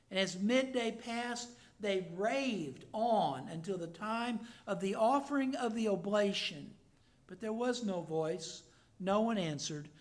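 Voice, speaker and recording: A man, a pastor, preaching a sermon and reading scripture aloud, swinging between loud declaring and hushed asides. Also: sits high.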